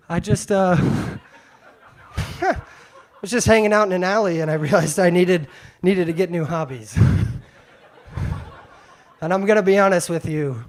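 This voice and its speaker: A man doing a laid-back stand-up set, chuckling between lines. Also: sits high. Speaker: stand-up comedian.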